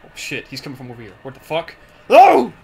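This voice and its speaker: A man playing a horror video game with a friend, reacting loudly, swearing and joking around. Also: mid-range voice, rapid-fire, slight background noise. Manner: excitable, swears, jokey put-on accent at times. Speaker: let's play gamer. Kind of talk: casual gameplay commentary.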